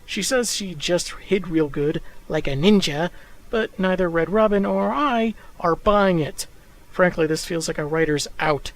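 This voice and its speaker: A man with a fairly high voice reads a scripted comic recap at an even clip. He slips dry, sarcastic jabs into the summary. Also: measured pace, low-quality recording. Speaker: comic book reviewer. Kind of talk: scripted narration.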